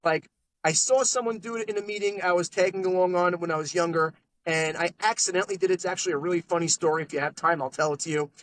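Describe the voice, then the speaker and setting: A man, a podcast guest telling sales stories in a lively, animated way. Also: high voice, no room sound, rough recording. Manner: animated salesman storytelling, quick asides. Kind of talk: casual storytelling interview. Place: podcast studio.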